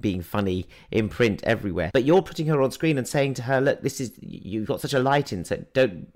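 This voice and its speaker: A man's voice: mid-range voice, lively intonation, fairly quick, a little mellow. A man interviewing a filmmaker in a chatty, enthusiastic way, acting out little quotes. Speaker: film interviewer. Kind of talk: conversational interview.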